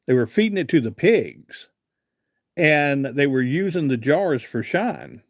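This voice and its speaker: A man's voice: a little high, very animated, unhurried, dry recording, clean studio sound. Rambling man telling folksy stories. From Virginia, USA. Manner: rambling, folksy storyteller who reads out and answers viewer comments. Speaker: live-stream host. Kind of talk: casual live-stream chat and storytelling.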